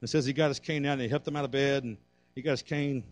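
A man preaching a fervent sermon as pastor, building to loud calls for prayer. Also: mid-range voice, steady tone, fast, dry recording.

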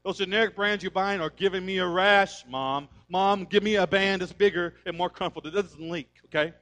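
A man's voice: high-pitched, fairly quick, a bit bright. A man voicing a fussy, prim talking baby. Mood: fussy, demanding. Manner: polite, demanding, overly articulate.

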